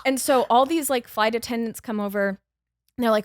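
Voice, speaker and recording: A woman on a podcast telling a dramatic story in a casual, animated way, laughing as she goes. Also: on the high side, moderate pace, no room sound, studio quality. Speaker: podcast guest.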